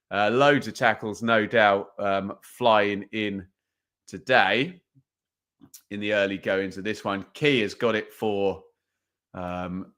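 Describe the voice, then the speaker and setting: A man's voice: lowish voice, pushed and bright. A man hosting a live football watch-along stream, chatting casually, reading out viewer comments and calling the match loosely. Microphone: desk microphone.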